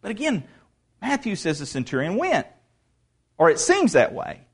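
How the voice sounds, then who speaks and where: Man, pastor, emphatic sermon, repeats words for stress, high voice, swooping delivery. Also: huge pitch swings, normal speed, husky.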